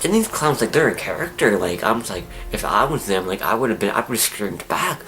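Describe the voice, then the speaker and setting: A young man telling a rambling, excitable story to his camera as a casual vlog, with halting restarts and faint music behind. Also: fairly low pitch, low-quality recording. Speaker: vlogger.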